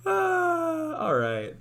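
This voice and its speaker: A man's voice: very high-pitched, creaky, a bit bright, voice pushed up, exaggerated voice. A man doing an exaggerated put-on Italian accent as a jolly, exuberant cartoonish character who rolls his R's. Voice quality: rolled R's, bouncy sing-song delivery.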